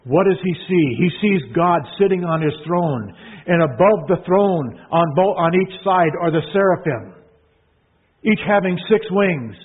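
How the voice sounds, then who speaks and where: A man preaching a sermon, emphatic, repeating phrases and swinging from hushed to loud proclaiming. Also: high voice, lively intonation, measured pace, breathy edge. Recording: tinny phone-like sound.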